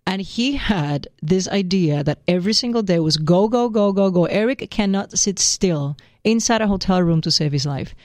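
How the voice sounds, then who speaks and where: A woman's voice: mid-range voice, expressive, dry recording, studio quality. A young woman co-hosting a casual chat with her partner, playful and dramatic, speaking English as a second language. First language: not English. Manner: playful, dramatic storytelling, quick to laugh. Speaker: podcast co-host.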